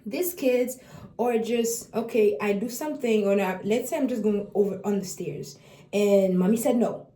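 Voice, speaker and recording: A woman giving a casual explanatory talk on early intervention, chatty and lively, acting out how parents and children talk to each other. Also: medium pitch, moderate pace, roomy sound. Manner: chatty, acts out parent and child exchanges, laughs often.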